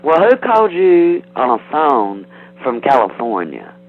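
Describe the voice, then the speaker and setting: Over a tinny phone line with faint hiss, a man targeted by a prank call gets heated, defensive, and threatening, rambling and restarting his sentences. His medium-pitched voice swings hugely in pitch, yet he speaks unhurriedly.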